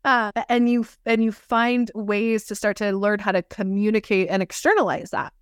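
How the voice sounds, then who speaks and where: A woman's voice: medium pitch, fairly even intonation, moderate pace, smooth, no room sound, clean studio sound. A woman in her thirties, a somatic practitioner and podcast guest, talking in a reflective way with frequent laughs and restarts. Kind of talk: casual podcast conversation.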